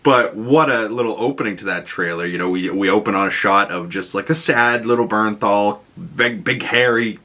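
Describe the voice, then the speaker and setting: An excitable male YouTube host rambles through a casual trailer breakdown, packing his talk with fillers and quick laughs. His voice sits a bit low, yet sounds bright and forceful.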